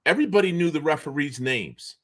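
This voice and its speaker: A man from the New Bedford, Massachusetts area, telling stories as an interview guest, animated and chuckling, with frequent restarts. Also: fairly high pitch, fairly quick. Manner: animated storyteller, chuckles often, trails off in restarts. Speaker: guest, former basketball player and show co-host. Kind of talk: casual storytelling interview.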